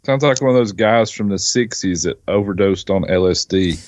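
A low-voiced man on a casual podcast, dropping wry one-liners in a dry manner. His voice comes through slightly dull. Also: moderate pace, a little mellow. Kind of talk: casual chat.

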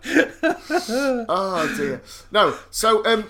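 A man's voice: high-pitched, sing-song, very slow, sharp tone. A man co-hosting a podcast, swearing often, laughing and telling stories in casual banter. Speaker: podcast co-host.

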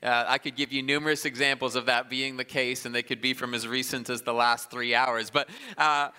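Bright, clear-voiced pastor in a reverberant hall. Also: male voice, mid-range voice, flat delivery. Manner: conversational, self-deprecating, with quick asides and restarts. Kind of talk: sermon. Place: large church auditorium. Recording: live church hall with long reverb.

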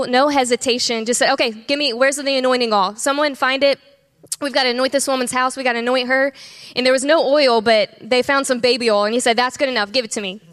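Woman church leader, storytelling on stage, slightly high voice, big reverberant room. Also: a bit bright, smooth. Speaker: kids ministry director. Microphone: stage microphone. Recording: long hall reverb.

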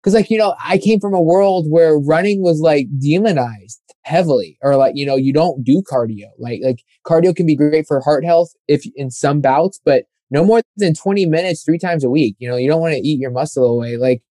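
A man's voice: on the high side, a little fast, few pauses, mellow, dry recording. A young man telling a running story in a casual, rambling chat, full of fillers and acted-out quotes. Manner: rambling, filler-heavy, acts out quoted voices.

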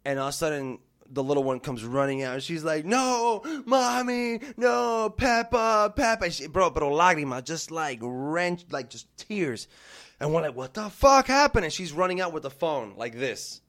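A man in his thirties telling a story in casual podcast chat, animated and full of swearing. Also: a little high, brisk. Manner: animated, profane, acts out quotes.

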